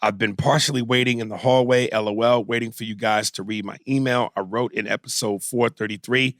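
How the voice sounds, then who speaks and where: Gravelly, profane podcast host man. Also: on the low side, steady tone, brisk, fairly bright tone, no echo, clean studio sound. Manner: profane, joking, reads emails aloud in playful voices. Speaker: podcast co-host reading listener emails. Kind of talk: casual comedic podcast chat.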